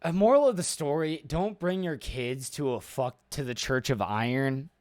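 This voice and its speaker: A young man chats on a podcast, telling stories full of swearing. His pitch is middling, and he acts out what people said with sudden loud jumps. The sound is dry and close. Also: moderate pace, no echo. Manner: profane, animated storytelling with loud acted-out quotes. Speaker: podcast co-host. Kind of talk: casual chat.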